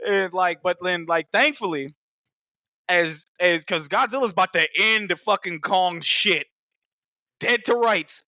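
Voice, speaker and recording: A high-voiced man talking a movie over in a loose podcast chat, swearing freely and throwing himself into the retelling. His tone is bright and sharp, and the recording is close and dry. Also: unhurried, no room sound. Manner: profane, animated, acts out monster voices. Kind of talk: casual movie review chat.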